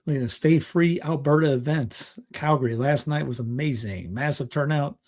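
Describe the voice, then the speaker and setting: A man from Toronto hosting a casual political commentary show, rambling and excitable, often restarting and laughing. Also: on the high side, moderate pace. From Toronto, Canada. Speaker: podcast host.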